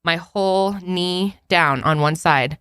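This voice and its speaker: A woman's voice: fairly low pitch, takes it slowly, fairly bright tone, clear, resonant tone, no echo, studio quality. A young pregnant woman co-hosting a podcast, chatting candidly and tiredly, laughing often and swearing freely. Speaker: podcast co-host. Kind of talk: casual chat.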